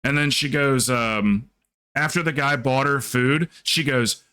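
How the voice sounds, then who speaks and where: A man's voice: medium pitch, unhurried, bright, forceful tone, smooth. A young man livestreaming, chatting casually and rambling through a story while acting out the people in it. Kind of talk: casual stream chat.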